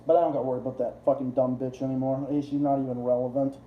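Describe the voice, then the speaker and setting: A man hosting a livestream, ranting in casual chat with lots of swearing and restarts, his voice jumping high whenever he gets worked up. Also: quick pace, echoey room, narrow, tinny audio, slight background noise. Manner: profane, rambling rant with restarts; excitable, jumps high in pitch when worked up. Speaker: livestream host.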